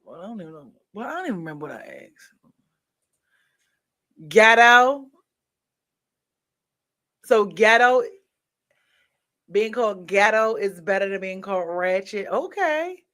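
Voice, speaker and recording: A tired woman hosts a casual livestream, speaking directly to her viewers in a loose, chatty way and drifting from topic to topic. She sounds drowsy and half-yawning throughout. Her medium-pitched voice is pushed and bright with lively intonation, and she talks a little slowly with frequent pauses.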